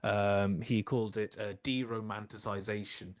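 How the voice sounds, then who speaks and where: A man's voice: on the low side, steady tone, normal speed, no echo, studio quality. A man in a casual film discussion, talking at length with many fillers and hedges. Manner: rambling, heavy use of "kind of" and "you know". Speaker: podcast co-host.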